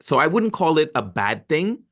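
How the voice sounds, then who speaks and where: A man's voice: fairly high pitch, very animated, normal speed, fairly bright tone. A man co-hosting a family podcast, talking reflectively and thinking aloud. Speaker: podcast co-host. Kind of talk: casual chat.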